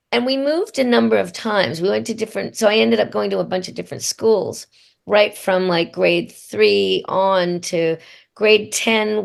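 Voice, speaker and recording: Gravelly-voiced woman, reflective interview guest. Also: medium pitch. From Australia. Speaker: voice actor guest. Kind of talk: casual interview answers.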